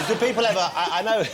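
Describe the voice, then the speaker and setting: Lively, teasing male talk show host. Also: high voice, background noise. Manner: jokey, teasing, laughs often. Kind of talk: chat show banter with guests. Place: TV studio with live audience.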